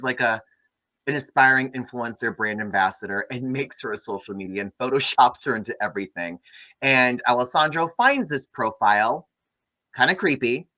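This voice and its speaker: A man hosting a casual movie review chat, recapping the plot with sarcastic, animated asides. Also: medium pitch. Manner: sarcastic, animated storytelling with swearing. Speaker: podcast host reviewing a movie.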